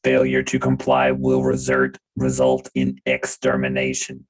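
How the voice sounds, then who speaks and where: A man's voice: very deep voice, monotone, pitched below the performer's own voice. A man voicing a menacing battle droid that issues surrender demands in a robotic manner. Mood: threatening. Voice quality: robotic, slow and emphatic.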